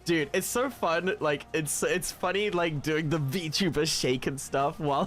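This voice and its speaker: A British man with a voice on the high side chats casually with his live-stream viewers at a normal speed and with few pauses. He teases them playfully, swearing and laughing often, while faint lo-fi music plays behind him.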